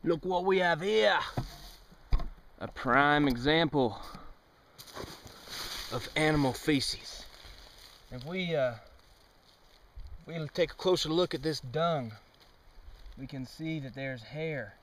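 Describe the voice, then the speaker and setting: A young man giving a deadpan, mock-serious comic monologue outdoors, with sudden loud outbursts. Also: on the high side, slow pace, long pauses, far from the mic, slight background noise. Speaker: amateur experimenter. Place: outdoors on a trail.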